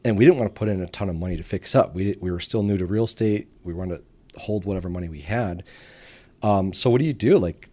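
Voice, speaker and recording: A man from the Detroit suburbs talks in a low voice as a guest on a casual interview show. He tells his stories with energy, and he briefly acts out the voices of the people he describes. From Detroit suburbs, Michigan. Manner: animated storyteller who acts out quoted voices. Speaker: guest entrepreneur.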